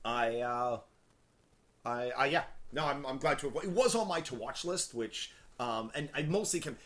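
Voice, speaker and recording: A man co-hosting a podcast, chatting about a movie in a halting way with many restarts. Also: medium pitch, a bit bright. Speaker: podcast co-host. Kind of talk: casual film review chat.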